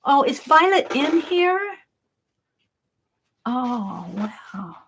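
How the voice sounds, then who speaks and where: A woman's voice: sits high, very animated, very slow, fairly bright tone, a little hiss or hum. A woman hosting a casual crafting live stream, exclaiming over mail and greeting viewers in chat.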